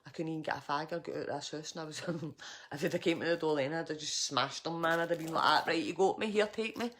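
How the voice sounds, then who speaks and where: A woman's voice: low-pitched, steady tone, quick pace, a bit bright. A middle-aged Scottish woman telling a profane, agitated story to camera in a personal vlog. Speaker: vlogger.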